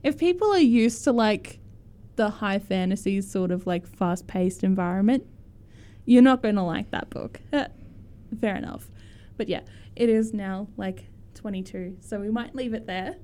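A woman's voice: medium pitch, moderate pace, dark tone. A young woman co-hosting a casual chat about books, rambling a little and laughing as she reacts to reviews. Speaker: co-host of a book talk.

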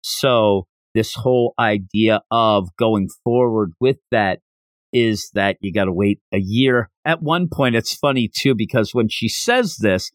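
A man's voice: on the low side, a little slow, no echo. A man hosting a manga review podcast, chatting casually as he recaps the plot with wry jokes. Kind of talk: casual solo review chat.

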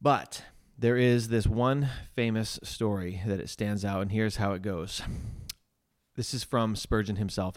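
A man co-hosting a podcast, chatting casually and reading quotes aloud with an animated, laughing manner. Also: on the low side, a little slow, no room sound, studio quality. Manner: animated, laughs often, reads quotes with flair. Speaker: podcast co-host.

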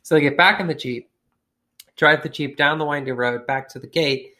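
A man's voice: on the high side, normal speed, bright, forceful tone. Man telling a profane, slangy story. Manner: profane, slangy, acts out characters with shifting voices. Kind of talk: casual comedic storytelling.

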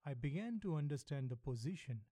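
Mellow, measured male narrator. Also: fairly high pitch, expressive, no room sound. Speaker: audiobook narrator. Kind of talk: first-person novel narration.

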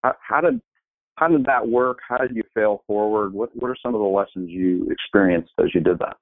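A man's voice: lowish voice, brisk, no echo. A man hosting an interview, asking questions and chiming in with short agreements. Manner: brief affirming interjections. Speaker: interviewer, host. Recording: tinny phone-like line, dry.

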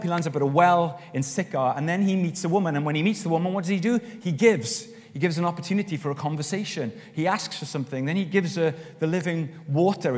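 A man preaching to his congregation, his voice sitting a touch higher than most men's. He tells his story with animated emphasis that rises as he goes. The long reverb of a church hall trails after his words. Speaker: pastor. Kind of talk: sermon.

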